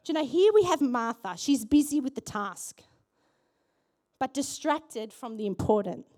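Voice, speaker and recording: A woman pastor preaching a sermon in church, animated and asking the congregation questions. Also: high voice, unhurried.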